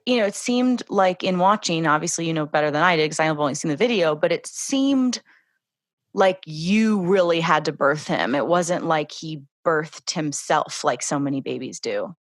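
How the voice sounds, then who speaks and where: A woman podcast host reacting in a lively, affirming way during a casual conversation. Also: low voice, moderate pace, dry recording.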